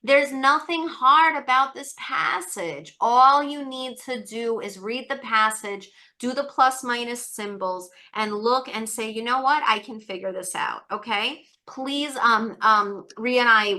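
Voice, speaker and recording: A woman tutor leading an online test-prep webinar, coaxing students with encouraging, repetitive questions and quick asides. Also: a little high, bright, forceful tone. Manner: rapid asides, many fillers.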